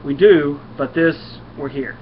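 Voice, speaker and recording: A man's voice: fairly high pitch, takes it slowly, highs cut off, a little hiss or hum. A man reading as a blunt alien warrior. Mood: stern.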